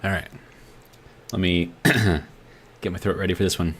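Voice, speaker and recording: A man's voice: low voice, steady tone, measured pace, a bit bright, breathy edge. A man streaming a game live, thinking aloud as he plays and reading out chat messages in a rambling, chatty way. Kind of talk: live gameplay commentary.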